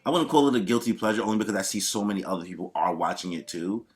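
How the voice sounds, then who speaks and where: A man's voice: fairly low pitch, very fast. A man talking casually and loosely, swearing and trailing off with fillers, as a podcast guest. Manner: laid-back, loose and profane, lots of fillers. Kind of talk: casual chat.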